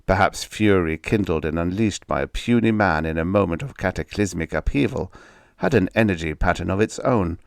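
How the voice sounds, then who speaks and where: A man reads a horror story aloud with a measured, steady delivery. His voice is deep, and the recording is dry and close. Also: creaky, smooth, dry recording. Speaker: audiobook narrator. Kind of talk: scripted narration.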